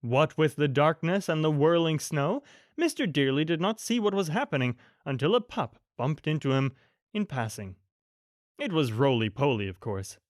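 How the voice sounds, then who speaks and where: A man narrating a children's bedtime audiobook in a gentle, expressive storytelling manner. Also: on the high side, normal speed, dry recording, studio quality.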